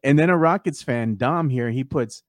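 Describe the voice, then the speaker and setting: A man's voice: medium pitch, normal speed, no room sound. Chatty male sports podcast host. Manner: conversational, many fillers, reads fan posts aloud. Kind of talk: casual sports talk.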